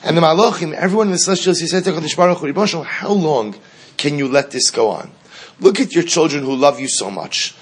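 A man's voice: a little high, husky, voice pushed up. A man doing an impassioned father's ghost. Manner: urgent, impassioned. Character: grieving dead father in a dream, urgent.

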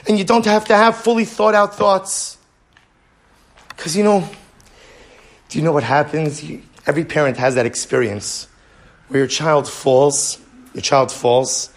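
A man with a slightly high voice teaches a Torah class from a handout. He speaks earnestly and repeats his phrases, tossing in frequent "right?" asides. He reads verses aloud and translates them.

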